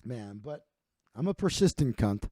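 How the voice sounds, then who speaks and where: A man's voice: mid-range voice, very animated, unhurried, warm tone, dry recording, studio quality. A man hosting his own comedy livestream, rambling and cursing in a casual, self-deprecating monologue. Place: home streaming setup.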